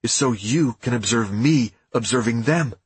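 A man reading a wary, resigned young man in an audiobook, in a dry, husky voice. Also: medium pitch, moderate pace, no echo. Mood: wry.

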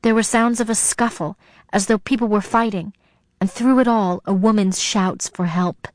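A woman reads a first-person suspense story aloud with tense, dramatic storytelling. Her voice sits at an ordinary mid pitch, and the recording is dry and close with no room sound. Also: fairly even intonation, normal speed, darkish tone, no echo. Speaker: narrator. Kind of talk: first-person audiobook narration.

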